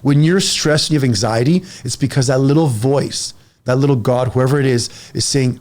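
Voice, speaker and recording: Here's a man in his forties, a fitness coach, with a mid-range voice at moderate speed in a casual podcast chat. Blunt and full of energy, he urges listeners on with emphatic guidance.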